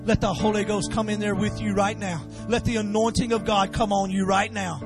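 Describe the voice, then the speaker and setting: Fiery high-voiced preacher shouting. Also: male voice, little pitch movement, a little fast, hardly any pauses, over music. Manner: swings from shouted exhortation to low intense urging; call-and-response, drives congregation to repeat. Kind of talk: fiery revival sermon.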